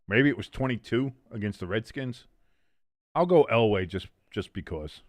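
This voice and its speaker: Lively, rambling male watch-along host. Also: mid-range voice, moderate pace, vocal fry, no room sound, studio quality. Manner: rambling, self-mocking, swears freely. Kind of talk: casual live game commentary with banter.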